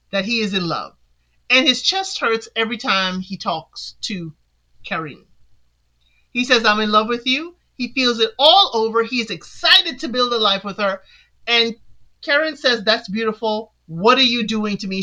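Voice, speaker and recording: A woman's voice: on the high side, sharp tone, low-quality recording. A woman hosting a podcast, recapping a reality show in a chatty style and firing sassy asides at the cast. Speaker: podcast host. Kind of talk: casual recap commentary.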